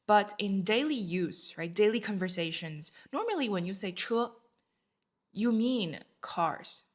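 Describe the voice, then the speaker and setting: Slow, patient woman teaching Chinese. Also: mid-range voice. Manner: patient, repeats words slowly with English glosses. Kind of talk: online language lesson.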